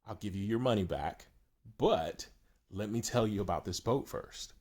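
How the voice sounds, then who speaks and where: A man quoting a gruff old boat seller in a personal story, in a blunt, matter-of-fact manner. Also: on the low side, animated, normal speed, a little mellow.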